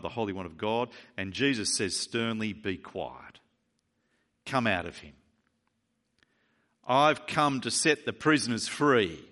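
A man preaching a sermon, retelling scripture with asides and self-corrections and building to loud declarations. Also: mid-range voice.

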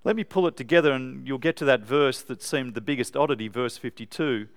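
A man preaching an animated, emphatic sermon to a live congregation in a church. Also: mid-range voice, brisk.

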